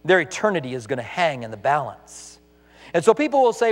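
A male pastor delivers an emphatic sermon full of rhetorical questions, his voice high and swinging widely in pitch. The sound carries a long reverb from the church hall around him. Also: wildly swooping pitch, fairly quick.

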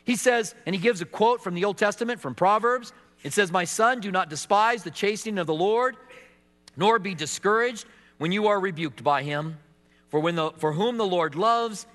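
A middle-aged man delivering a sermon, his voice fairly high and ringing bright. He tells stories and acts out quotes with touches of humor. The sound carries a long hall reverb. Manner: storytelling with acted quotes and humor. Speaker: pastor.

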